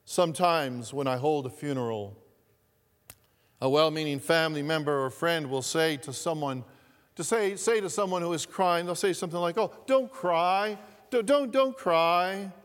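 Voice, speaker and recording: A man preaching a sermon as pastor, speaking in a slow, deliberate way and repeating key phrases. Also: on the high side, smooth, big-room sound. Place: church sanctuary.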